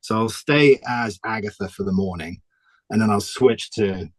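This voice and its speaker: A man with a low voice talks loosely and warmly about his drawing work, often trailing off and laughing. The recording is dry, with little room sound. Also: moderate pace, dry recording. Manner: chatty, laughs often, restarts sentences. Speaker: comic artist guest. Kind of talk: casual interview chat.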